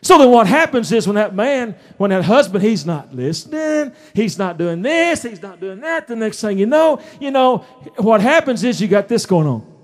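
High-voiced folksy preacher. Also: male voice, very animated, normal speed. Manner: folksy, emphatic preaching with rising shouts. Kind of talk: sermon. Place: church sanctuary.

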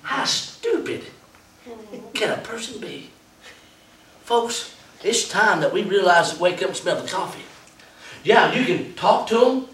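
A man preaching a revival sermon in a church, breaking into laughing, shouting bursts. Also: sits high, animated, measured pace, long pauses, slight background noise. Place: church sanctuary. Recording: roomy echo from far off. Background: congregation calling out.

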